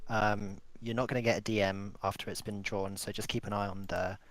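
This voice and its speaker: A man hosting a relaxed clan meeting over voice chat, running through announcements with a joking manner. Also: lowish voice, brisk, dry recording. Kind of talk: casual online group chat.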